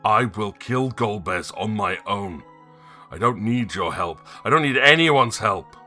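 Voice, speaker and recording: A man voicing a furious old male sage and grieving father, loud and commanding, as he reads game dialogue aloud. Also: on the low side, animated, a little slow, faint music behind, voice pushed up, full character voice.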